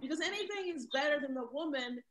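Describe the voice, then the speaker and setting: A woman's voice: sits high, animated, fast, rough recording. A woman doing a stand-up set, with a wry, punchy delivery and asides to the audience. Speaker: stand-up comic. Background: crowd laughing.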